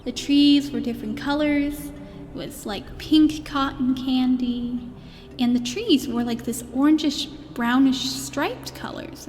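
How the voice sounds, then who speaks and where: A woman voicing a gentle space princess who tells a bedtime story in a meandering way, with fillers and restarts. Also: high voice, a little hiss or hum. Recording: long reverb with faint music.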